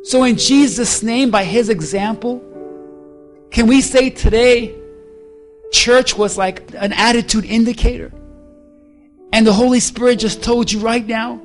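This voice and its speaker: High-voiced man preaching with emphatic swings. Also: steady tone, a little slow, long pauses, soft background music. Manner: emphatic preaching, swinging between loud calls and hushed lines. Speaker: pastor. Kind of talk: sermon.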